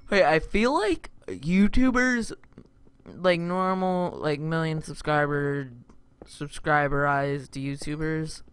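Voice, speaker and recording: A man hosting a gaming channel, rambling through casual let's-play commentary with sudden loud outbursts. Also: a little high, slow, smooth, no echo.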